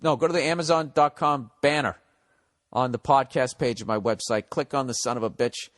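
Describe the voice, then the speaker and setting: A man's voice: medium pitch, a little fast, a bit bright. A man hosting his own podcast, talking in a casual, rambling monologue that is blunt, joking and full of swearing. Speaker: podcast host.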